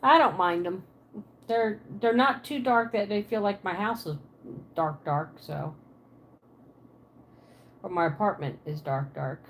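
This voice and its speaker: A woman's voice: lowish voice, a little slow, pauses often, a little hiss or hum. A woman from Pennsylvania with a Pennsylvania Dutch accent and a Southern twang, chatting casually on a livestream from her apartment and answering viewers' comments aloud.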